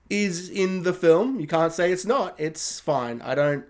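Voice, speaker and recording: A high-voiced young man gushes his way through a casual film review, rambling from point to point. He laughs often and mimics sound effects as he goes. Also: expressive, measured pace. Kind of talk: casual video review monologue.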